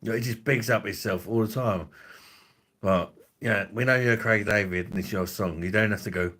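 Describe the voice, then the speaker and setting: A man with a low, deep voice hosting a loose livestream, chatting straight to his viewers. He swears freely, jokes crudely and greets people from the chat by name. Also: a little fast, a bit bright. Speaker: livestream host.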